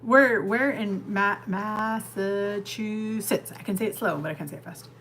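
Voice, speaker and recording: With a medium-pitched, slightly bright and animated voice, a California woman hosts a live stream from her kitchen at a fairly quick pace, with slight background noise. She rambles casually as she responds to comments from viewers.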